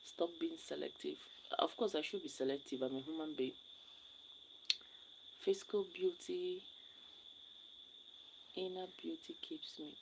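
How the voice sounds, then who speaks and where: A young woman with a Nigerian accent talks loosely to her live-stream viewers, looping back over her own words as she goes. Her voice sits low and carries a gravelly edge. Faint insect noise hums behind her. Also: fairly even intonation, measured pace, pauses often. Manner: rambling, repeats her words. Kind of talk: casual chat with viewers.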